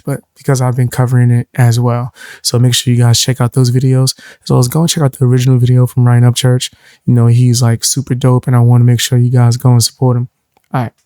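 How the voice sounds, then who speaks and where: Raspy-voiced man hosting a reaction stream. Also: medium pitch, no echo, clean studio sound. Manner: relaxed, chatty, thinking aloud. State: strained voice. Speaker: reaction video host. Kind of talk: casual reaction commentary.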